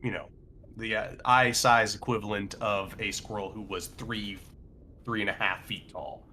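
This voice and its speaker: A man narrating a tabletop role-playing game as game master in a relaxed, playful way. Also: on the low side, normal speed, slight background noise.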